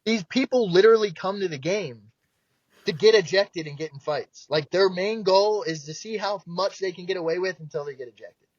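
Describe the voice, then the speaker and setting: Animated young man telling stories. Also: sits high, moderate pace, no room sound. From South Jersey. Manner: animated, profane, acts out quoted voices. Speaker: podcast guest, pro baseball pitcher. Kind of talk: casual storytelling. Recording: dull dry podcast mic.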